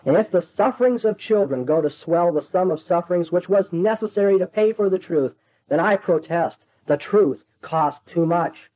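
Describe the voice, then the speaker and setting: A man's voice: high voice, normal speed, pitched above the performer's own voice. A man reading aloud as an anguished male skeptic pleading with a young novice, in an impassioned, rising delivery. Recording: dull lo-fi lecture recording.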